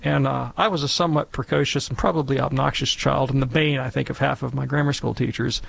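A man, an interview guest, telling a childhood anecdote in a relaxed, wry, self-deprecating way. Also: medium pitch, quick pace, gravelly. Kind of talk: anecdotal storytelling.

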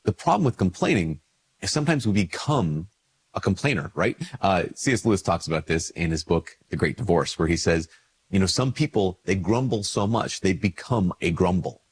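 Husky-voiced priest with a head cold. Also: male voice, animated, moderate pace. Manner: conversational, acts out little dialogues with lifted pitch. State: congested with a cold. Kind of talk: casual spoken reflection to camera.

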